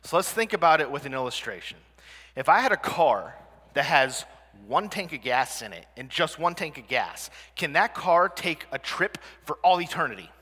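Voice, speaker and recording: A man's voice: on the high side, very animated, normal speed, sharp tone, slightly rough. A man giving a conversational presentation to a live audience as a teacher, often asking the listeners questions. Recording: long reverb of a hall.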